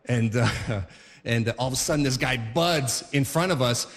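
A man's voice: medium pitch, normal speed. A male comedian telling a stand-up story in a chatty way, tagging his lines with "right?". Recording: long hall reverb.

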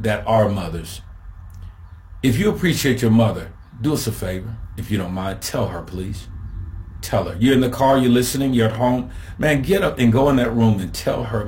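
A man preaching a sermon in rhythmic repeated phrases, asking his listeners questions and swinging between soft and raised delivery. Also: on the low side, normal speed. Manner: addresses listeners directly with questions.

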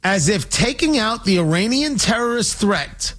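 A man delivering an opinionated political monologue, sarcastic and animated, slipping into mocking voices. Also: high voice, normal speed. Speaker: political commentator.

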